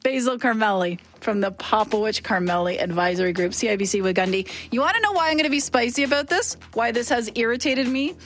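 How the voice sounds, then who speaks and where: A woman hosting a live morning radio show, animated and outspoken, with a high, youthful-sounding voice. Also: soft background music. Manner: animated and outspoken, talks fast when worked up. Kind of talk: live radio talk and interview.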